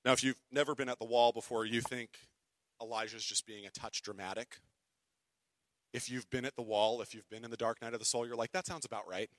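A male pastor delivers a sermon at a fairly quick clip, his medium-pitched voice holding a steady tone with no echo. He reads scripture dramatically, lurching from loud declaiming to hushed whispers, and tosses in wry conversational asides.

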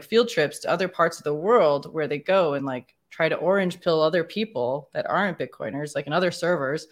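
A woman guest on a casual panel chat, telling stories in a chatty, animated way. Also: low-pitched.

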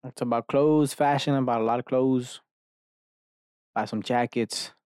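Unhurried and fairly even in intonation, a man with a smooth, slightly mellow mid-range voice hosts a podcast by himself from his bedroom. He meanders from one idea to another, cursing often and making fun of himself. The recording is dry and studio quality.

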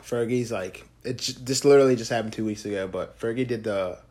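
A man's voice: fairly low pitch, fairly quick, a little mellow. A man co-hosting a podcast, rambling loosely in casual chat, joking and swearing. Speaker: podcast co-host.

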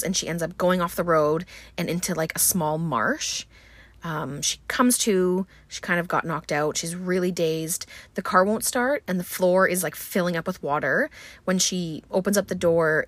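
A woman's voice: fairly low pitch, fairly bright tone, dry recording. A woman casually recapping a horror film, chatty and full of filler words. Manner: chatty, many ums and likes.

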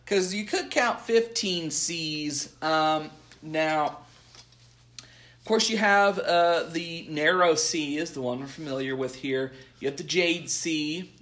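A man co-hosting a podcast, recapping an episode from his notes in a halting way with many fillers. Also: fairly high pitch, a bit bright. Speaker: podcast co-host.

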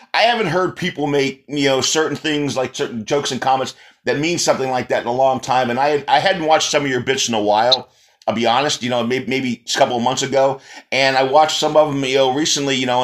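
Halting male talk-show host. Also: medium pitch. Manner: halting, many restarts and "you know" fillers. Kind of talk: casual interview chat.

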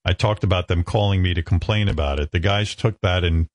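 A blunt male radio host with a deep, low voice, talking casually and often stopping to restart a sentence. The sound is close and dry, with no room in it. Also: brisk, dry recording.

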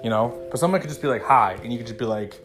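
A young man in his twenties talks loosely to camera, circling his point with fillers and restarts. His voice sits at an ordinary middle pitch. A little guitar music plays faintly underneath. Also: very fast. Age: 20s. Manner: rambling, conversational, many fillers and restarts. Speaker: vlogger. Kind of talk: casual talking-to-camera monologue.

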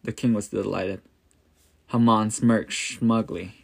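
A man reading a Bible story aloud in a plain, steady way, lightly voicing the quoted characters. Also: lowish voice, slow, gravelly.

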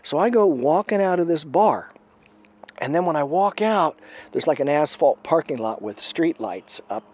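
A man telling a long story in casual talk. He acts out the voices of the people in it and drops to a hush at the tense moments. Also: on the high side, expressive, moderate pace.

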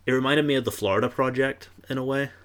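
A man's voice: medium pitch, steady tone, fast talker, fairly bright tone. A man in casual conversation about a film, thoughtful and analytical in how he makes his points.

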